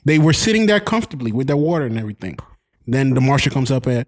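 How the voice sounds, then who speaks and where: A man co-hosting a relaxed podcast chat. He tells stories and slips into quick impressions of the people in them, at a middle pitch. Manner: storytelling, mimics people in quotes. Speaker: podcast co-host. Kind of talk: casual group chat.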